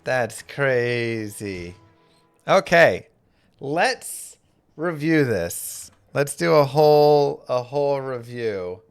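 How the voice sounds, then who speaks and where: Excitable young streamer guy, unhurried. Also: on the high side, smooth, faint music behind. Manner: excitable, chatty, thanks viewers. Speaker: streamer and host. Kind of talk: casual live gameplay commentary.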